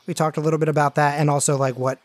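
A man's voice: on the high side, flat delivery, rapid-fire, no echo. Man narrating as a casual game master. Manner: casual, filler-heavy narration.

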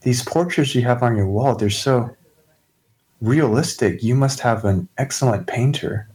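A man's voice: mid-range voice, measured pace, a little mellow, natural voice. Wary young country woman, earnest and alarmed, played by a man at a tabletop game. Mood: awed.

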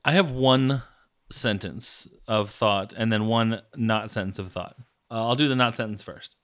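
Bright-voiced young man, rambling. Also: on the low side, measured pace. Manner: rambling, stumbles over his words. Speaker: podcast co-host. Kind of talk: casual chat.

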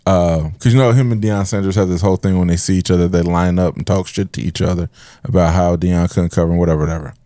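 A man on a casual podcast who tells funny stories and keeps breaking into laughter while acting out other people's lines. He says he is high. His voice sits low, and the room sounds dry and close. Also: fairly even intonation, quick pace, mellow, dry recording. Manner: laughs a lot, acts out quotes in funny voices. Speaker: podcast co-host. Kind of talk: casual chat.

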